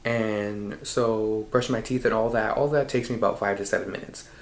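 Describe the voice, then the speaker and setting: A man hosting a podcast, recounting a dream in an animated, slangy and profane way. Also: on the low side, normal speed, vocal fry. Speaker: podcast host. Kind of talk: casual storytelling. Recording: roomy echo.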